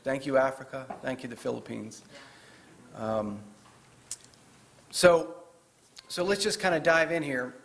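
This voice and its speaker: A man's voice: medium pitch, measured pace, creaky, pauses often, a bit bright. A man giving a chatty, joking talk as a guest author to a live audience in a parish hall. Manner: chatty, joking, with fillers and restarts.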